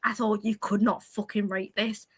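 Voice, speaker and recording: A woman swapping stories on a livestream panel, sweary and quick to laugh. Her voice sits at an ordinary middle pitch and gets loud when a story takes off. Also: level tone, breathy edge, poor audio. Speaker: streamer panel guest. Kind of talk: casual livestream chat.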